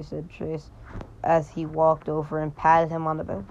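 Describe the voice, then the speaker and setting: A man reading a fan story aloud with dry sarcasm, tripping over phrases and mocking the text. His voice is gravelly and slightly high, with a faint hiss behind it. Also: monotone, measured pace, a little mellow, muffled recording. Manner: sardonic asides, stumbles over words. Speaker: reader. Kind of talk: comedic fan fiction reading.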